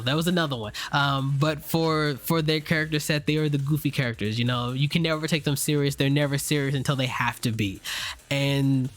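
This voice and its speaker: A man talks through a casual, unscripted review, sitting a little high in his register. He meanders with fillers and restarts and drops slang and curses freely. Soft music plays quietly underneath. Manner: rambling, loose and unscripted, frequent fillers and restarts. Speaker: anime reviewer.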